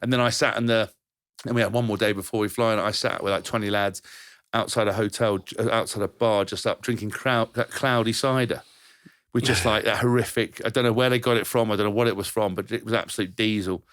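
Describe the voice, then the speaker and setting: A lower-voiced man tells rugby-tour stories at a quick clip, swearing and restarting as he goes. The recording is dry and close, with no room sound. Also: steady tone, a bit bright, no room sound. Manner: rambling anecdotes, swears freely, frequent restarts. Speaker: podcast co-host, former rugby player. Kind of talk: casual storytelling chat.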